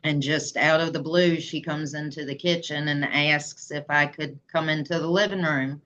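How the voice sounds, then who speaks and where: A woman's voice: low voice, steady tone, moderate pace, a bit bright. A woman, telling her own story plainly and earnestly as an interview guest. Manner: earnest, plain-spoken, voice rising when emotional. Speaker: guest, memoir author. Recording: slightly dull lo-fi sound.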